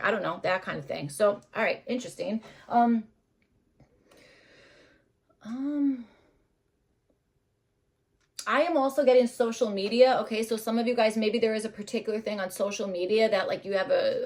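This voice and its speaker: Rambling woman giving a tarot reading. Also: a little high. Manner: rambling, hesitant, many fillers and laughs. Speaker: tarot reader.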